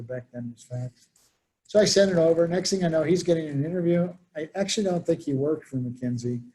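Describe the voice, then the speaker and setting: Mellow storytelling male presenter. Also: on the high side. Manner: storytelling, acts out quoted voices. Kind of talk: conversational workshop talk.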